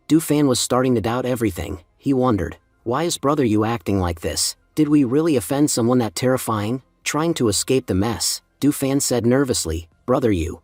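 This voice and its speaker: Man, mid pitch, scripted recap narration, dry close sound, even read. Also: normal speed, few pauses, no room sound. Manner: reads all parts in a mostly even narrating voice.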